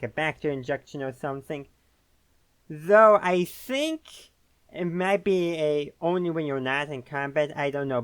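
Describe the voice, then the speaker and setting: A man's voice: on the high side, clear, resonant tone, dry recording. A man hosting a casual video game commentary, rambling and often correcting himself mid-sentence. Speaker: host.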